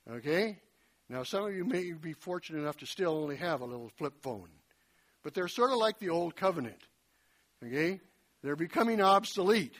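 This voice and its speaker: Retelling scripture through lively folksy remarks, a man gives a sermon in a chatty way. His voice is slightly husky and fairly high, and he talks at a normal speed.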